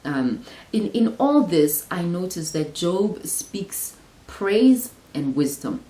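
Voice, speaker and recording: A woman leads a Bible study in an unhurried, earnest way, working her thoughts out aloud and restarting sentences as she goes. Her voice sits a little low. The recording has a roomy echo. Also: very animated, mellow. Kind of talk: casual Bible study teaching.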